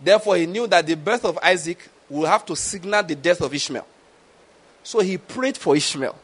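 A man preaches in a notably high voice. His sermon delivery is animated, and he keeps asking whether his listeners get his point. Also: normal speed, breathy edge.

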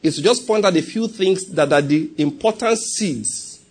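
A man with a Nigerian accent preaching a sermon, animated, with laughing asides and softly acted prayers. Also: sits high, moderate pace.

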